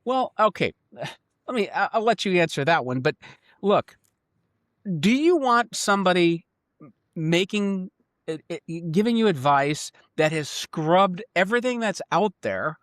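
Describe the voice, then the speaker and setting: Emphatic co-host, male, fairly high-pitched, close dry mic. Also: fairly bright tone, no echo. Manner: emphatic, with sudden rises in pitch. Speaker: life insurance agent, co-host. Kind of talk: casual podcast conversation.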